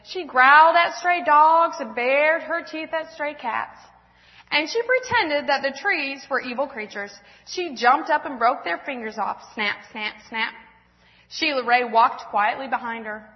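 A woman in her thirties reads a children's story aloud to a church congregation, expressive and gentle. Her voice sits high. The sound is muffled and carries a long reverb through the church hall. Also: unhurried. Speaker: church speaker. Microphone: handheld or stand mic.

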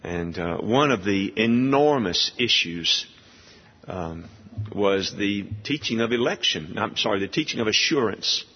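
A man delivers an expository sermon slowly and deliberately, with lively intonation whose pitch swings widely as he presses rhetorical questions. His slightly husky voice has a long hall reverb, and the audio is dull and lo-fi.

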